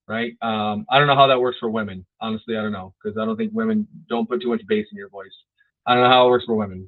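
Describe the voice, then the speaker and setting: Man giving a sales training over phone-like audio. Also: medium pitch. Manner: casual, repeats words, asks "right?". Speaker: real estate sales trainer. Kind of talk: training talk.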